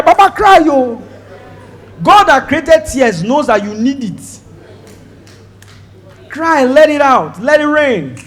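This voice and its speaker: A man with a Nigerian accent doing a stand-up comedy set, loud and animated, acting out voices and shouting his punchlines. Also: extremely high pitch, a little slow, pauses often. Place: stage before a live audience.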